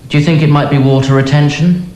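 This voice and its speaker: An actor playing a mellow therapist. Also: male voice, a little high, fast, echoey room, lightly acted. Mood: calm. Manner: calm, prompting questions. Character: patient, soothing male therapist.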